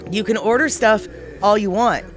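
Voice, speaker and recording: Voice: mid-range voice, moderate pace. A livestream host in their forties chatting casually and reading viewer comments aloud, playfully exasperated.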